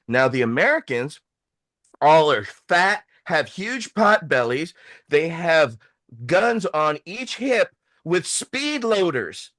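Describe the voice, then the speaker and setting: A man spins a long anecdote in loose podcast chat, cursing freely and slipping into the voices of the people in his story. His pitch leaps high and drops low as he acts things out. The sound is dry and close, with no room around him. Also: no room sound. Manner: animated, profane, acts out quoted voices.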